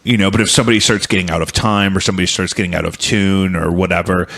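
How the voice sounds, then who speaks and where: Male podcast host, lowish voice, casual and reflective, tends to ramble through his ideas. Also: fairly even intonation, fast talker, gravelly, a bit bright. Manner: thoughtful, rambling explanations. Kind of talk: casual chat. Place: home studio.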